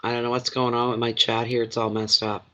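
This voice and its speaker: A man's voice: mid-range voice, little pitch movement, brisk, bright, forceful tone. A man with a runny nose from a cold, doing a chatty, rambling, emotional tarot reading on a live stream. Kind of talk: live card reading chat. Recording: dull lo-fi stream audio.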